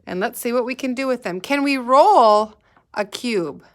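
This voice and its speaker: A woman teaching a kindergarten math lesson, speaking patiently and asking the children to repeat words after her. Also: a little high. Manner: slow, patient, sing-song prompting for children to repeat. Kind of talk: recorded remote lesson.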